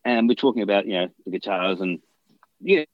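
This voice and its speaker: A man's voice: fairly low pitch, brisk, no echo, lo-fi sound. Rambling man telling guitar stories. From Australia. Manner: rambling anecdotes with many restarts and fillers. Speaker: guitarist guest. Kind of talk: casual interview storytelling.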